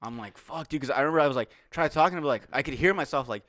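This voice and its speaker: A young man co-hosts a casual podcast in a quick, rambling way, full of slang and restarts. He talks fast in an ordinary middle register. The sound is dry and close, with no room around it. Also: mid-range voice, lively intonation, fairly bright tone, dry recording. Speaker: podcast co-host. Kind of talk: casual chat.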